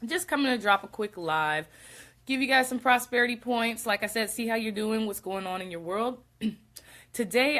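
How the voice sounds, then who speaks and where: A woman's voice: a little high, moderate pace, a bit bright. A young adult woman hosting a casual livestream for her real estate business, sounding congested and short of breath as she chats and greets viewers. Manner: chatty, greets viewers mid-sentence. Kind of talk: casual live-stream talk.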